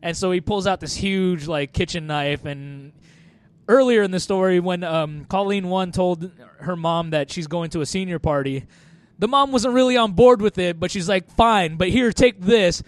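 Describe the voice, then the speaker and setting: Chatty man with a high voice. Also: normal speed, clear, resonant tone, no echo. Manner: laughing often, rambling with fillers. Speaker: podcast co-host. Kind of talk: casual chat, recapping a movie.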